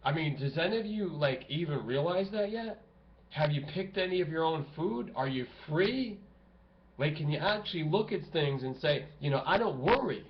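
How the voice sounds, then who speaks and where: A man's voice: lively intonation, moderate pace. A man rambling and ranting to camera in a vlog, cursing often and restarting his sentences. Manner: profane, agitated, rambling with many restarts. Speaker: vlogger. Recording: muffled low-fi home recording with faint hiss.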